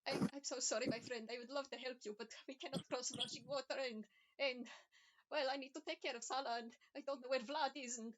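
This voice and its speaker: A woman's voice: high-pitched, steady tone, brisk, natural voice, rough recording. A woman voicing a fretful, kindly male vampire who stammers and apologizes. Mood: flustered.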